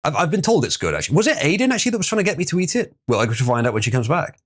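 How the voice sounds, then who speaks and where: A man's voice: a little high, sing-song, very fast. A man hosting a live stream, chatting casually and reading viewer comments, rambling and opinionated with frequent ums. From Britain.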